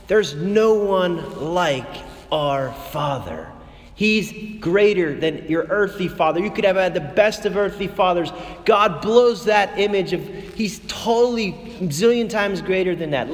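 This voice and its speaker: A man with a high voice preaches a heartfelt sermon. He moves between near-whispered tenderness and rising, urgent emphasis. His words trail off into the long echo of a church. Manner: impassioned, swings between hushed and raised. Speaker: priest.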